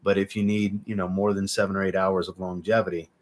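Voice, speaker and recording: A man's voice: deep voice, flat delivery, quick pace. A man hosting a casual live stream, chatty and enthusiastic, reading out viewers' comments and answering them. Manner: chatty, enthusiastic, reads out chat names. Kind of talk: casual livestream chat.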